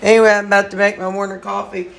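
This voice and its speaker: A woman's voice: mid-range voice, little pitch movement, fast, gravelly, background noise. A woman vlogging casually at home, rambling through her chores and morning routine while talking to her dogs. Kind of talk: casual home vlog chat. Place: at home, kitchen and storage room.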